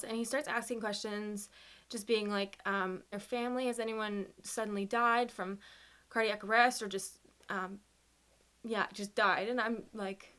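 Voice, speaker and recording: A young woman vlogger telling a personal story, halting and close to tears, with many fillers and nervous laughs. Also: on the high side, fairly even intonation, fairly bright tone. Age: young adult.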